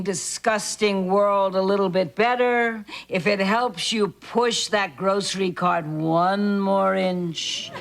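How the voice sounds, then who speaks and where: A woman's voice: mid-range voice, a bit bright, a little hiss or hum. A woman playing a bitter, sardonic sitcom wife and mother who speaks in a drily defiant way.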